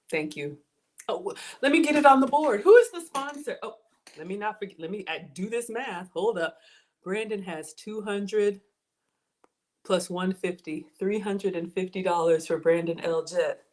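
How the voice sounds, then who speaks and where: A middle-aged woman, hosting a cooking livestream in a chatty, excitable way and reading viewer comments aloud. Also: medium pitch, moderate pace, a little hiss or hum. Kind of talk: casual livestream chat.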